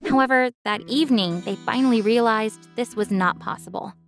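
A woman narrating an animated first-person story in a clear, expressive scripted voice. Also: a little high, moderate pace, soft background music.

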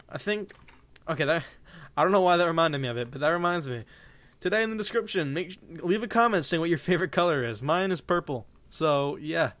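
A man's voice: fairly high pitch, fairly bright tone, no room sound. Goofy young man narrating his gameplay. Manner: goofy, rambling, joking with viewers. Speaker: gaming channel host. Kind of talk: playing a game with live commentary.

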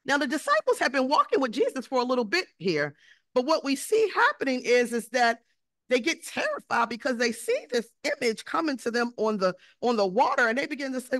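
A woman pastor giving a sermon in a relaxed, conversational way, often acting out quoted voices. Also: sits high, fairly quick, dry recording, studio quality. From United States. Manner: conversational preaching with acted-out quotes of disciples.

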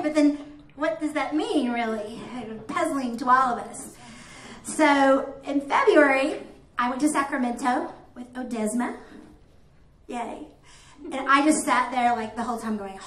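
High, chatty woman presenter. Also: normal speed. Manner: chatty, animated storyteller with playful asides. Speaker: grant coordinator presenting to teachers. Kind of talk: presentation to teachers. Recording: echoey room, faint noise.

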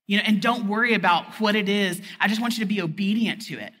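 A woman's voice: mid-range voice, quick pace, a bit bright. Woman, conference speaker, casual candid sermon, keeps saying "like", long hall echo. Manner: candid, chatty, fills talk with "like". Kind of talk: conversational sermon. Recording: long reverb of a large hall.

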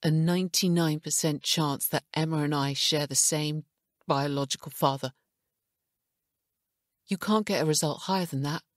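A woman's voice: sits low, dry recording, studio quality. A woman voicing a determined, angry man who speaks stiffly and insists on answers. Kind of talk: audiobook character voice.

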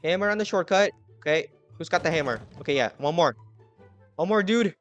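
A man giving live gameplay commentary, excitably yelling at his teammates and swinging from muttering to shouting. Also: fairly high pitch, moderate pace, no echo, highs cut off, soft background music. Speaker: gaming channel host.

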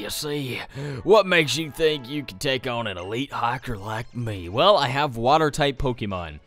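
A man's voice: on the low side, a bit bright. A young adult man giving casual gameplay commentary, rambling with jokey asides. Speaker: let's play host.

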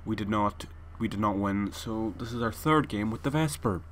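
A young man commentating his own shooter match, excitable and quick to shout and complain. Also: on the low side. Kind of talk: gameplay commentary. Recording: noisy with game gunfire behind.

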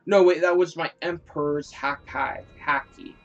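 A man talks casually over his gameplay, cracking jokes at his own expense and swearing freely. His voice sits fairly high, and he speaks slowly and unhurriedly. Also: steady tone, highs cut off. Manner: joking, self-mocking, swears freely. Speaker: gaming video creator.

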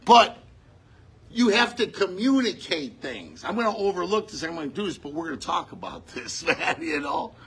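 A man preaching a sermon in a conversational way, breaking into shouts on key lines. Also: high voice, big pitch swings, moderate pace, husky.

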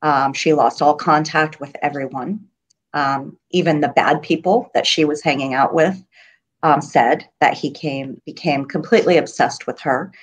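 A middle-aged woman with a low, deep voice speaks haltingly in an interview, pausing often. She is a grieving mother whose voice breaks now and then as she talks. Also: husky. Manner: halting, many ums, voice breaking with grief. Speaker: guest, mother of a murder victim. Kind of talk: emotional interview.

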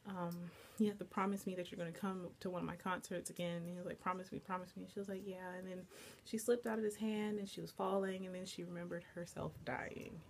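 A woman's voice: on the low side, steady tone, fast talker, gravelly, a little mellow, a little hiss or hum. A young woman casually recapping and reviewing an anime episode, chatty and full of filler words. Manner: chatty, lots of "like" and "blah, blah, blah".

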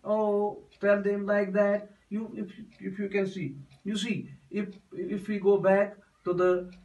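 A man's voice: high-pitched, little pitch movement, unhurried, a little mellow, recorded from a distance, muffled recording. A man giving a classroom poetry lesson, explaining step by step and repeating himself often. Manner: repetitive, explains step by step with many restarts. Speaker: teacher.

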